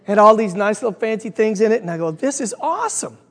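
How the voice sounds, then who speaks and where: A middle-aged man leading a Bible study, chatty and animated, questioning his audience and telling jokes. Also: sits high, fast, in a large hall. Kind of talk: conversational teaching with jokes.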